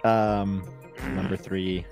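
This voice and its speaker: A low-voiced man in casual podcast banter, excitable and quick to laugh. He throws in the odd curse as he thinks out loud. Faint music plays underneath. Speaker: podcast co-host and quiz contestant.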